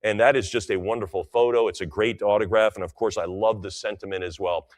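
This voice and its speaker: A man's voice: fairly low pitch, fast talker, few pauses. A middle-aged man working as an auctioneer, rattling off repeated bid calls at a live auction and dropping in chatty, enthusiastic asides between them.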